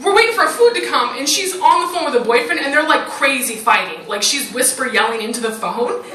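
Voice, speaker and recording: Woman stand-up comic, high and bouncy, self-mocking banter; recorded from a distance in an echoey club. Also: lively intonation, brisk. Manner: chatty, self-mocking, punctuated with "like" and "you know". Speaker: stand-up comedian. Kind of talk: stand-up comedy set. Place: comedy club stage. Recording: roomy live recording from a distance with loud crowd noise.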